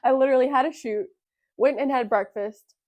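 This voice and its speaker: A woman's voice: high-pitched, brisk, no echo. A young woman co-hosting a podcast, telling a story in casual chat, cursing freely and acting out what others said. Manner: profane, animated storyteller acting out quotes. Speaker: podcast co-host.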